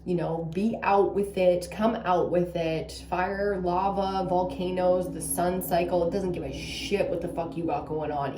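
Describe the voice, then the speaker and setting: A woman's voice: on the low side, a little mellow, reverberant, a little hiss or hum. A young Canadian woman giving a casual tarot reading, rambling loosely and swearing freely. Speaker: tarot reader.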